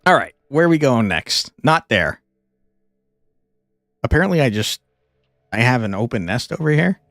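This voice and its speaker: Animated male streamer, exasperated. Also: mid-range voice, normal speed, gravelly, no echo, clean studio sound. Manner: exasperated, swearing, laughing often. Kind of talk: casual gameplay commentary.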